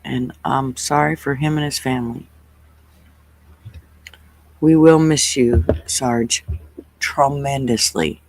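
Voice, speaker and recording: A host chatting casually on a livestream, relaxed and greeting viewers one by one by name. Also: mid-range voice, slow pace, pauses often, no echo, low-quality recording.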